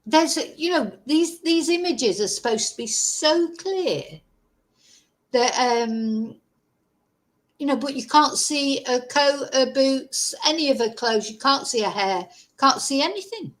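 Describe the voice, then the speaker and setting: A woman's voice: sits high, animated, measured pace. A woman hosting a commentary vlog, scornful and exasperated, reading out a news article and picking it apart with sarcasm. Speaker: commentary channel host.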